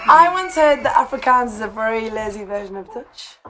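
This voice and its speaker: A woman's voice: fairly high pitch, expressive. Wry woman over crowd chatter. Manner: wry, quick to question. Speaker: podcast guest. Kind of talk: casual comedy chat. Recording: loud crowd chatter behind.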